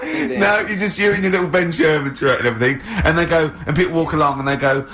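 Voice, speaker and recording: A man's voice: on the high side, quick pace, few pauses. A man joking animatedly as a co-host of a comic radio show, laughing often. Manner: animated, jokey, giggly. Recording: dull lo-fi archive radio with hiss.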